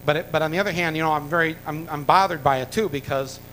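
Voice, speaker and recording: American guy rambling through a story, lots of ums and restarts, slightly higher voice, faint rumble behind. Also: fast, sharp tone, rough recording. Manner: rambling, full of fillers and restarts, wry jokes. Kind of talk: rambling anecdote told to an audience.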